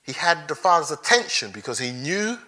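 A man preaching a sermon in an animated way, laughing between points and acting out the quotes he reads. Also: on the high side, normal speed.

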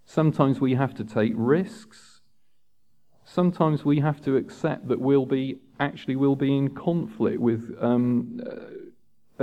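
A man preaching a sermon in a measured, earnest way, lifting his voice for emphasis. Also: mid-range voice, dark tone. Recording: dull lo-fi sound.

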